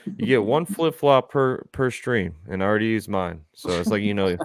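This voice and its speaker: A man hosting a casual sports talk stream, animated and joking, hyping up his picks. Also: fairly low pitch, normal speed. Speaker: host.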